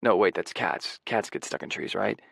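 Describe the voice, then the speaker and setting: A man's voice: on the low side, moderate pace, vocal fry, a bit bright, no echo, full character voice. A male narrator voicing a frightened young man who rambles and swears in his dialogue. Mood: anxious. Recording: dry close audiobook recording.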